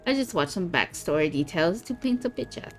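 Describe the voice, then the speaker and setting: A playful, dry-humored woman in a video game swaps stories and teases, played by an actress. Her voice sits low and relaxed, with soft music underneath. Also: a little fast, close to an everyday voice. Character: adult woman, playful storyteller, teasing.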